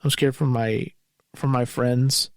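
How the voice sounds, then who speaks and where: A man's voice: mid-range voice, fairly even intonation, takes it slowly, no echo, studio quality. A man hosting his own podcast, talking alone in an anxious, bitter way and swearing often. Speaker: podcast host. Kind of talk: solo podcast monologue.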